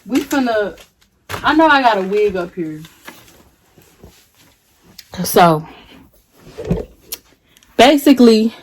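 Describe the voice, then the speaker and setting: A woman in her twenties telling a dramatic story in a casual vlog, animated and full of slang. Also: medium pitch. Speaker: vlogger.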